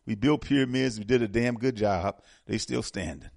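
With a creaky, darkish mid-range voice at normal speed, this man hosts a laid-back political talk show. He grows impassioned and repeats words as he gathers momentum. The recording is dry, with clean studio sound.

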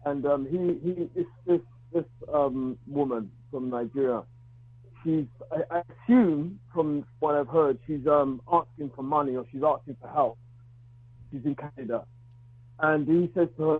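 Man calling a radio phone-in, blunt and outspoken, keeps stumbling and restarting words; high, slightly husky voice over a tinny, dry phone line. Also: no room sound. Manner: halting, repeats and restarts words; outspoken, argues his view. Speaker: radio call-in caller. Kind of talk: phone-in talk radio call. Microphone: telephone.

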